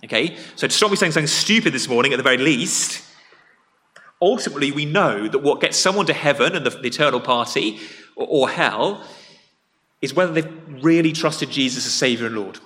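A pastor preaches in a relaxed, conversational way, pressing some phrases loudly and letting others fall soft and earnest. His voice is bright and forward, and it rings with the long reverb of a church hall. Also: mid-range voice, a little fast. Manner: conversational, plain-spoken, swings between loud emphasis and quiet earnest drops. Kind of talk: sermon. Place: church sanctuary.

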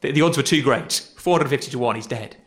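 Male pastor, mid pitch, relaxed conversational sermon delivery with repeats. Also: fast talker. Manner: conversational, self-deprecating preaching with repetitions.

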